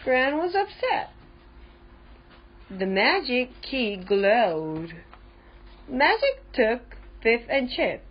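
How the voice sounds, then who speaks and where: Slow, breathy woman reading a children's story. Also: a little high. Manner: slow, carefully paced, expressive reading. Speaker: storybook reader. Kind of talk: children's story read-aloud. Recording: dull lo-fi recording.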